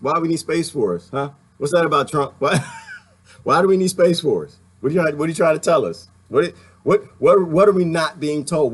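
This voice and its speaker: A man's voice: on the high side, slightly rough. A man delivering a rambling, heated and sarcastic monologue as a video commentator, laughing now and then between points. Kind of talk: ranting monologue.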